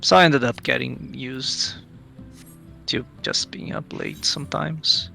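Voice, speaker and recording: A man's voice: mid-range voice, slow, vocal fry, pushed and bright, soft background music. A man chatting casually with friends during a game stream, laid-back as he recounts his past routine. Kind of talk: casual chat while gaming.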